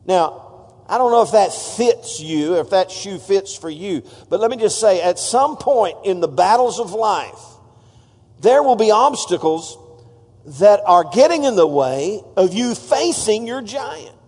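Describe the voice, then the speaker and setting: A man's voice: high voice, expressive, measured pace, darkish tone, long reverb tail. A man preaching a sermon, exhorting the congregation with call-outs. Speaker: pastor.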